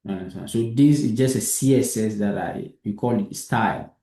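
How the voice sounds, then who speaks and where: A man runs a hands-on coding lesson, patiently explaining and asking again and again whether it is understood. His voice sits low and mellow. The room around him adds a noticeable echo. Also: normal speed. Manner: patient, repeats himself and checks understanding. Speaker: coding teacher.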